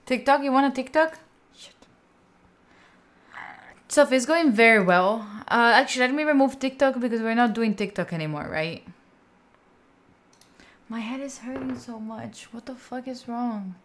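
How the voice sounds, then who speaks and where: A woman's voice: on the high side, animated, moderate pace, long pauses. Italian woman chatting with live viewers. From Italy. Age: young adult. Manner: chatty, swears freely, reacts to chat. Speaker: livestream host. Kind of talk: casual chat with live viewers. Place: room at home.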